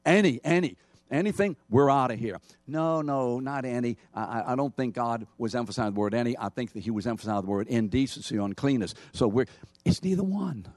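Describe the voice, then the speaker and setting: A man preaching a sermon as pastor, emphatic, rising and dropping in pitch and loudness. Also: no room sound.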